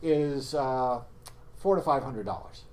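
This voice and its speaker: A man at a town board meeting, laying out figures in a halting, thinking-aloud way. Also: mid-range voice, a little mellow. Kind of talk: municipal board meeting discussion.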